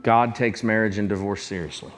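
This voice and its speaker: A man's voice: fairly low pitch, fairly even intonation, a little fast. A male pastor preaching a sermon, emphatic and repetitive, speaking directly to his congregation.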